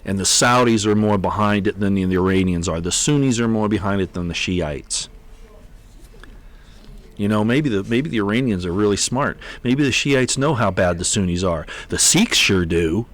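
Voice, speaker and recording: Low-voiced male livestream host, halting and repetitive, exasperated commentary. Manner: halting, repeats words often, exasperated. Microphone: computer mic on an unsteady connection.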